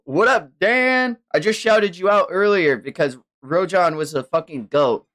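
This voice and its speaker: A woman streaming a live reaction, excitable and swearing, with many gasps and exclamations. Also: lowish voice, unhurried, hardly any pauses. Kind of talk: live reaction to a manga chapter.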